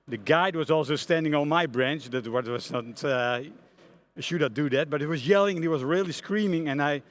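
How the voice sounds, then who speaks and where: A middle-aged man with a Dutch accent gives a conference talk, telling a story in an animated way with many hesitations and restarts. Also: a little high, moderate pace. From Netherlands. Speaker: conference speaker, front-end architect. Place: conference hall stage.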